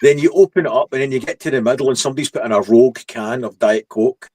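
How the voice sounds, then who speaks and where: A man chatting as a guest on a live stream, making dark deadpan jokes. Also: mid-range voice, quick pace, slightly rough, dry recording. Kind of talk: casual live stream chat.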